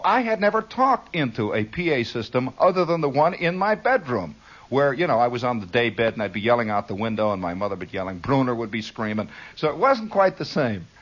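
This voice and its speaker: A middle-aged man spinning a rambling radio monologue, digressive and animated, breaking into laughing asides and sudden shouts. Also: mid-range voice, husky. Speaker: radio storyteller. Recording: dull lo-fi 1960s radio broadcast.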